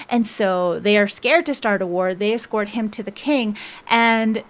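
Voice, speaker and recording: A woman's voice: mid-range voice, unhurried. A woman book vlogger recapping a novel's plot in a rambling, casual way, full of fillers and restarts. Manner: rambling, chatty, frequent "like" and restarts.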